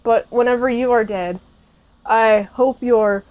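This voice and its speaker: High-voiced woman doing a playful movie recap. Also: fairly even intonation, measured pace, lo-fi sound. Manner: playful and jokey, acts out characters; chatty with frequent fillers. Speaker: movie reviewer.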